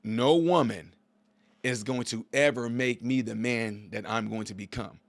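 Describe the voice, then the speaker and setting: A man's voice: mid-range voice, measured pace, dry recording. A man in his forties giving opinionated reaction commentary on a video clip, emphatic and preachy, repeating himself.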